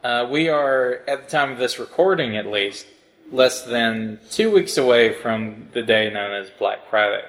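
Guy on a podcast, sarcastic, rambly, lots of uhs, regular pitch voice. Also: measured pace, a bit bright, rough recording. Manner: sarcastic, rambling with filler words. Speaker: podcast co-host. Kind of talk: casual podcast chat.

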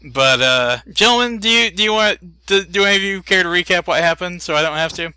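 Male co-host, very bright voice, dry close sound, chatty storyteller. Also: high-pitched, fairly quick, clear, resonant tone, no echo. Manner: animated storyteller, many fillers. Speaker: podcast co-host. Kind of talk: casual chat.

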